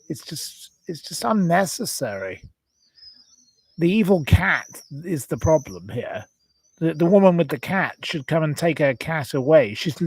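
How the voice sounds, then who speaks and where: A man hosting a casual livestream talk, indignant and rambling as he jumps from complaint to apology. His voice sits a little high, and the recording is close and dry. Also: a little mellow, slightly rough, dry recording. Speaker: channel host. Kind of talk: ranting livestream chat.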